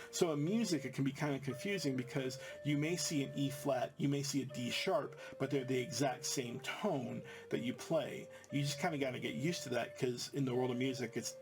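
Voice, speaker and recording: A man teaching music in a casual, explanatory way, full of fillers and restarts as he walks students through a new note. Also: mid-range voice. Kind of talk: instructional commentary.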